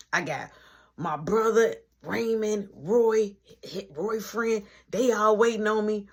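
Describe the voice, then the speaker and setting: A woman tells a casual story in an animated way, slipping into other people's lines as she goes. Her voice sits at an ordinary middle pitch. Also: unhurried, husky. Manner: animated, acts out dialogue.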